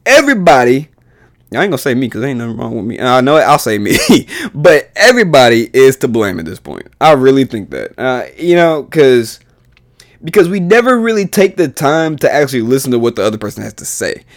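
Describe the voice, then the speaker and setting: Profane ranting man, lively pitch. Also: fairly quick. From United States. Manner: profane, exasperated, voice jumps up when heated. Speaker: podcast host. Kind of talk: solo podcast rant.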